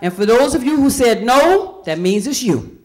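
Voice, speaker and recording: A woman's voice: fairly high pitch, animated, moderate pace, darkish tone. A woman from Indiana doing a stand-up comedy set, chatty and quizzing the crowd with questions. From Indiana, USA.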